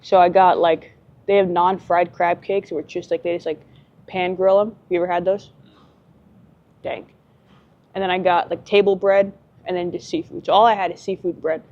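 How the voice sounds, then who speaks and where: A woman's voice: on the low side, little pitch movement, moderate pace, highs cut off. A young woman bodybuilder chatting in a gym vlog, rambling with lots of "like" and "bro" and free swearing. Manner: rambling, swears freely, says "like" and "bro" often. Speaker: bodybuilder vlogger. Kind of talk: casual gym vlog chat.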